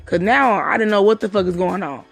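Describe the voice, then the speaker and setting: A woman's voice: medium pitch, vocal fry, soft background music. A woman casually recounting events from a night out, swearing freely and acting out what others said. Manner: profane, talks fast and acts out the quotes. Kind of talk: casual storytelling.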